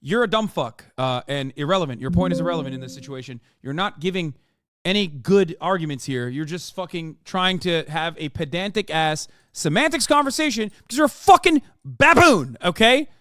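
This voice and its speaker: A male streamer ranting at his chat during a live reaction stream, profane and combative, often yelling. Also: fairly high pitch, lively intonation, moderate pace, no echo, clean studio sound.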